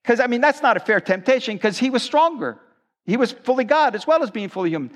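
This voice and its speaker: A man's voice: extremely high pitch, expressive, quick pace. A male pastor preaching a sermon at a church service, conversational and earnest.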